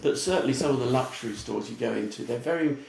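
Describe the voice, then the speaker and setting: A man from the United Kingdom, a retail futurist, talking in a casual podcast conversation, animated and breaking into quick impressions of other people. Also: mid-range voice, vocal fry, echoey room. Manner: animated, mimics voices in quick asides.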